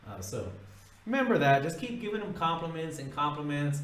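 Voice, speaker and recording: A man's voice: a little high, very animated, fairly quick, a bit bright, reverberant, distant mic, poor audio. A man giving blunt, emphatic, profane dating advice in a casual monologue, repeating his points. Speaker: dating-tips vlogger.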